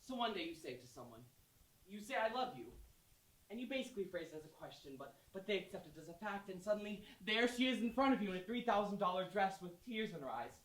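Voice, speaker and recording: Guy doing a talky theater-nerd type, lively voice, bright, stage mic far off and echoey. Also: sits high, fast. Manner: chatty, confiding, building to shouting rant. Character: man obsessed with a cast record, bitter about his marriage. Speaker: narrator character, musical fan. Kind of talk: stage musical acting, addressing audience. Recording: roomy stage sound from afar, faint noise.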